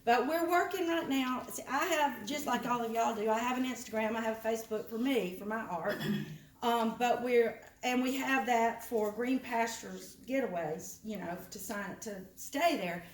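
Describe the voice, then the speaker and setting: A woman's voice: fairly high pitch, normal speed, slight background noise. A woman making a chatty, rambling announcement to a meeting, often laughing. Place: meeting room of an art association. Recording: roomy meeting hall.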